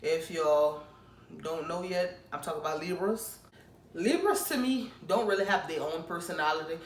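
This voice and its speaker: A young woman vlogger in a casual ranting commentary, blunt and teasing, with sudden loud outbursts. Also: deep voice, animated, moderate pace. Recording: roomy, mic at a distance.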